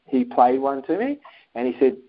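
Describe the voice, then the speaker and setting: A man of medium pitch and normal speed recounts something personal during a casual interview. He performs the phone calls and quotes animatedly, and the sound quality is dull and lo-fi.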